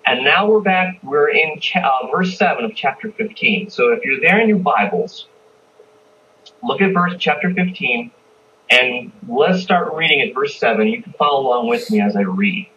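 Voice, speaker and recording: A man's voice: a little high, big pitch swings, normal speed, bright, forceful tone. Man teaching scripture, distant and muffled. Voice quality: conversational, repeats and restarts, asks the listeners questions. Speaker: pastor teaching a Bible study. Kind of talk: expository Bible teaching. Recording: distant, dull lo-fi recording with faint hiss.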